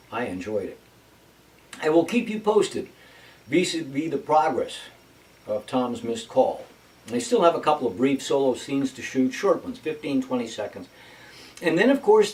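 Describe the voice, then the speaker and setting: A man's voice: medium pitch, a little mellow. Brief: male vlog host and actor, casual and wry, sits back from the mic. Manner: chatty, wry asides. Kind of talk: casual personal update. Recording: voice from a distance off mic.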